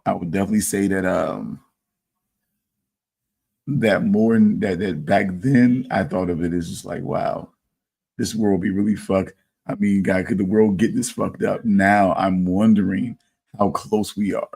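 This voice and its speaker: A man co-hosting a podcast in casual chat, hesitant and halting as he muses. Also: low-pitched, gravelly, darkish tone, husky. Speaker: podcast co-host.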